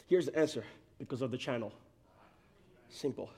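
A man's voice: mid-range voice, moderate pace, a little mellow. A man preaching a sermon in an emphatic way, raising his voice for emphasis.

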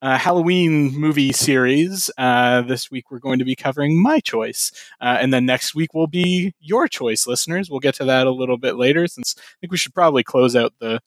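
A man hosting a podcast, relaxed, swearing casually and filling pauses with "uh". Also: medium pitch, dry recording. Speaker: podcast host. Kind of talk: casual chat, show introduction.

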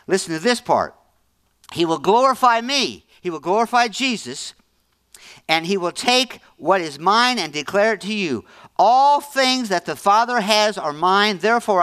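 A man's voice: high-pitched, a bit bright, smooth. A middle-aged man preaching a sermon with fervent conviction, repeating phrases for emphasis. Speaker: pastor.

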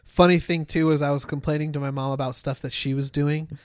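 A man's voice: fairly high pitch, flat delivery, a little fast, clean tone, dry recording, studio quality. A man co-hosting a casual podcast chat, easygoing and laughing often. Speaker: podcast co-host.

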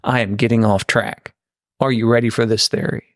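A man's voice: medium pitch, flat delivery, brisk, a bit bright, no room sound, clean studio sound. A man co-hosting a podcast in casual chat, rambling and restarting as he lays out a theory. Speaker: podcast co-host.

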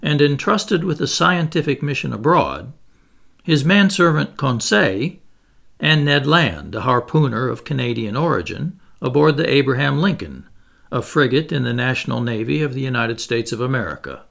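A man reading the part of a calm, commanding ship's commander who speaks in a penetrating, precise way. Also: mid-range voice, moderate pace, gravelly.

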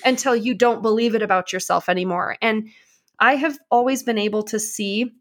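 A woman in casual conversation, telling stories in an energetic, passionate, self-mocking way. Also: a little high, normal speed.

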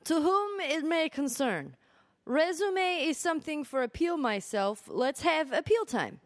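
A woman voicing an earnest young male job applicant with a Korean accent, reading his letter in halting broken English. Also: sits high, animated, no echo, studio quality, pitched above the performer's own voice.

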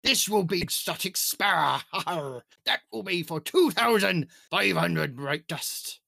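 A man's voice: high voice, expressive, unhurried, gravelly, sharp tone, no room sound, studio quality, full character voice. A man putting on a hammy pirate captain voice, growling "arr" as he reads out a list. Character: gruff male pirate captain reading a store list. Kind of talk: goofy pirate voice bit.

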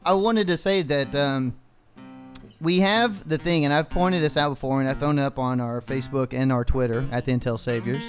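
A man's voice: mid-range voice, normal speed, soft background music. A man co-hosting a podcast, chatting in a laid-back way. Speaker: podcast co-host. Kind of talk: casual podcast chat.

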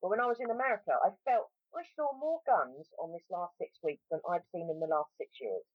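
A woman's voice: fairly low pitch, animated, brisk, husky, no echo. A woman from South London with a South London accent, chatting casually on a podcast, rambling and self-interrupting, calling people mate. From South London, England. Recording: dry tinny phone-like line.

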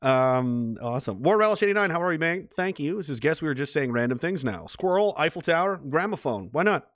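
A man's voice: on the high side, expressive, brisk, fairly bright tone, dry recording. Rambling, profane male livestream host. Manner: rambling, profane, laughs often, mocking voices. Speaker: livestream host reading chat. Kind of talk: casual livestream commentary.

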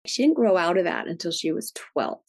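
A middle-aged woman with a warm, mellow voice talks through her points as an interview guest. She explains in a chatty, flowing way and keeps checking in with "right?". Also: lowish voice, big pitch swings, a little fast, breathy edge. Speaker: guest expert on food sensitivities. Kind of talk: conversational interview.

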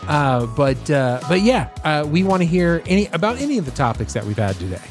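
A man co-hosting a podcast in casual chat, animated and playful, full of jokey asides. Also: fairly high pitch, a little fast, soft background music. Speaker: podcast co-host.

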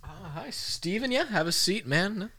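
A man's voice: high voice, expressive, normal speed, sharp tone, a little hiss or hum. A man co-hosting a comedy podcast, joking in a playful, mock-earnest way. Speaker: podcast co-host. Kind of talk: casual comedic banter.

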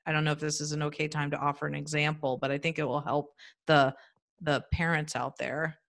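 A woman in her fifties talking earnestly in a casual podcast interview over a remote call, in short halting phrases. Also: deep voice, little pitch movement, fairly bright tone. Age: 50s. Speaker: guest. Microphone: remote audio call.

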